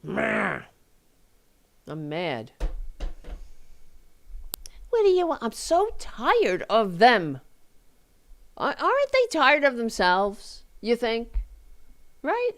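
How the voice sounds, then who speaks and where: A woman's voice: huge pitch swings, extremely slow, gravelly, pauses often. A woman hosting a live talk show, ranting angrily with profanity and sarcastic mocking asides into a desk microphone. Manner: heated, profane, sarcastic, voice jumping high in mockery. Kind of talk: angry political rant on a live show.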